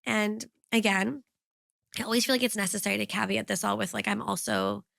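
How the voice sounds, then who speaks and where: A woman's voice: medium pitch, brisk, creaky, fairly bright tone, dry recording, clean studio sound. A woman in her thirties, a guest speaking about her own parenting in a casual, reflective way, full of fillers and restarts. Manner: rambling, reflective, many fillers. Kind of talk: casual conversational interview.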